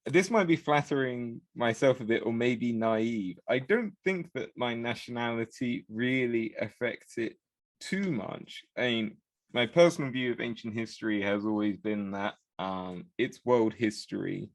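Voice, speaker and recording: A man's voice: mid-range voice, measured pace, dry recording. Hesitant, rambling British man. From Britain. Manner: rambling, hesitant, full of fillers and restarts. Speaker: podcast co-host. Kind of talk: casual round-table chat.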